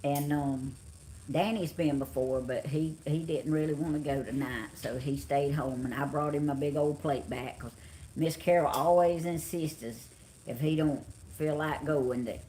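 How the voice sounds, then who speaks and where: A woman's voice: low-pitched, a little mellow, a little hiss or hum. Tired, chatty Southern woman on a livestream. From Georgia, US. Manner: folksy, chatty, greets viewers by name. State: tired, yawning. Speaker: live stream host. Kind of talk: casual live chat with viewers. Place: home, on the couch.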